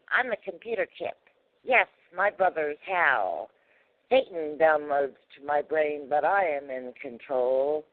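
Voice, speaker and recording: A soulless male computer-chip drone chants its rhymes mechanically, as a man reads his poem over the phone. The voice sits fairly high and moves slowly. It is heard through a tinny, dry phone line. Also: dry recording. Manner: mechanical rhyming recitation. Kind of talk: reciting a poem on call-in radio.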